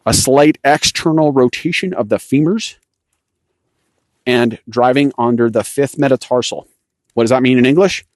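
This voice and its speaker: This cycling coaching podcast host has a mid-range, somewhat dark voice and speaks at a moderate pace. He explains riding technique in a loose, self-correcting instructional monologue while walking along a rocky outdoor trail. The recording is dry.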